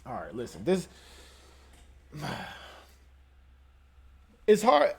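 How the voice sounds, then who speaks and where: A man's voice: a little high, huge pitch swings, drawn-out words, creaky, husky. A man hosting casual reaction commentary in a laid-back, conversational way. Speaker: commentary channel host.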